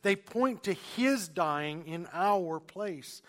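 Emphatic preaching man, higher voice. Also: expressive, drawn-out words, fairly bright tone. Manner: emphatic preaching with repetitions and restarts. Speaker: pastor. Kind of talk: sermon.

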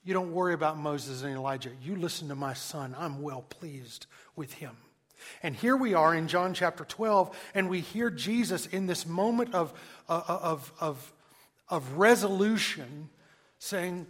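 A pastor preaches a sermon in a slightly high voice at a moderate pace. He's emphatic and keeps questioning his listeners, swinging between loud stresses and hushed lines.

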